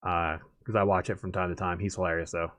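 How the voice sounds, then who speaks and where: Streamer, male, rambling casual chat, mid-pitched voice, dry close mic. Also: flat delivery, fast, a bit bright, dry recording. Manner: rambling, chatty, laughs often. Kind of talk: casual chat while gaming.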